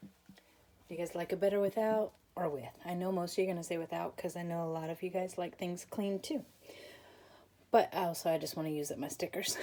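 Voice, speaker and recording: Her voice is mid-range and mellow as she chats through a relaxed papercraft lesson. Tired and yawning, this female host rambles with plenty of fillers and jokes at her own expense.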